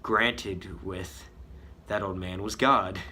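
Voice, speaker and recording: Bright-voiced man mocking his own story. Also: sits low, fairly even intonation, slow, a little hiss or hum. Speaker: host reading his childhood story. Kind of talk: comedic read-aloud with commentary.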